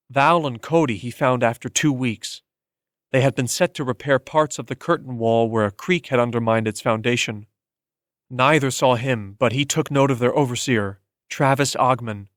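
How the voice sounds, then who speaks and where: A man tells a story for an audiobook in a measured, even way, reading from a script. His voice is medium in pitch, and the recording is dry and of studio quality.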